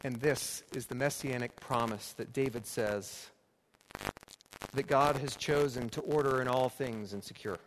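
A man's voice: mid-range voice, a little slow. A man preaching a sermon, emphatic and building his points through repeated phrases. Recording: long reverb with faint background noise.

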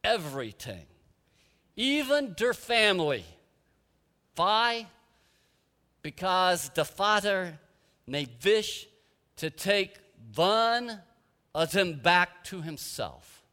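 A man imitating an elderly, gentle Dutch woman with a Dutch accent, giving slow, deliberate counsel in an echoey hall. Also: sits high, very animated, pitched above the performer's own voice, heavily acted. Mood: earnest counsel. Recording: echoey hall with long reverb.

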